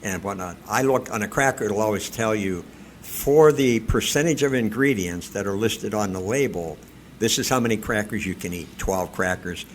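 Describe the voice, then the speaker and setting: A man's voice: lowish voice, normal speed, a little hiss or hum. A man co-hosting a talk radio show, speaking in a plainspoken, opinionated, conversational way. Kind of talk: casual talk radio chat.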